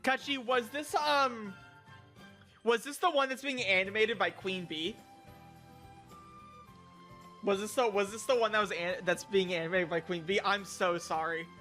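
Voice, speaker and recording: Bright high-voiced young man, stammering. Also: steady tone, moderate pace, soft background music. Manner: rambling, stammering, crude, mock-outraged outbursts. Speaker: streamer. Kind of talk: casual stream chat, reviewing viewer picks.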